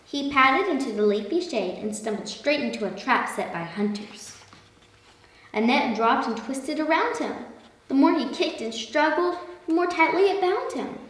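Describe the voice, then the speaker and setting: Animated woman reading a storybook aloud. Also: high-pitched, measured pace. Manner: expressive, animated. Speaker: storybook reader, host. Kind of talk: children's story read-aloud. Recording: echoey room, voice from far off.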